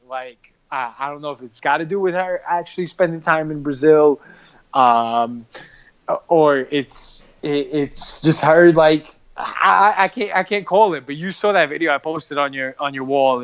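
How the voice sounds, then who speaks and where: Guy on a podcast, keeps stumbling over his words, kinda muffled lo-fi sound. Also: fairly high pitch. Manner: halting, stammers and repeats words. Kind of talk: casual podcast chat.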